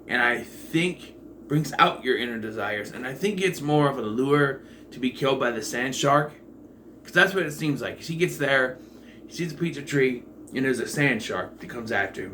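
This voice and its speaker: A man giving a casual, rambling movie review, full of fillers and the occasional swear, jumping between loud excitement and quiet asides. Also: medium pitch, slight background noise. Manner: rambling and digressive, with profanity and many fillers.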